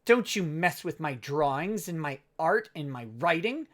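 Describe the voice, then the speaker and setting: Man putting on a huffy comic creator, indignant, slow sputtering, mocking tone. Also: fairly high pitch, animated, fairly bright tone.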